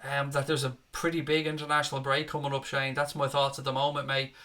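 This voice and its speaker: A man's voice: mid-range voice, monotone, fast, sharp tone. A man hosting a live football watchalong, chatting casually and reading out viewer comments with a matey, joking manner. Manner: chatty, matey, jokey, says "mate" often.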